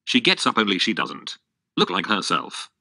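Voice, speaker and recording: A male text-to-speech narrator reading stage directions with flat, oddly stressed delivery. The voice is low and extremely bright. It sounds dry and very close. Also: moderate pace, dry recording.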